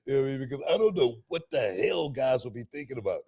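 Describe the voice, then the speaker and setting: A middle-aged man co-hosting a podcast, telling stories in a loud, animated way with lots of slang and laughter. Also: mid-range voice, very fast. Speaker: podcast co-host. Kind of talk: casual storytelling chat.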